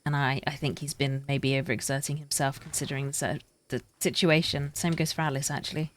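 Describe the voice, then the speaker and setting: A British woman chatting in character in a roleplay stream, thinking out loud in a rambling way. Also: low voice, steady tone, brisk, slight background noise. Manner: rambling, talks her thoughts out loud.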